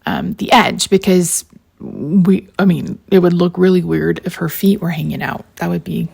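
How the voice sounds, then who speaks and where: Gravelly woman telling crafting stories. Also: on the low side, normal speed, a little mellow. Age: 40s. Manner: rambling, storytelling asides, frequent laughs. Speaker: craft tutorial host. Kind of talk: chatty crafting tutorial.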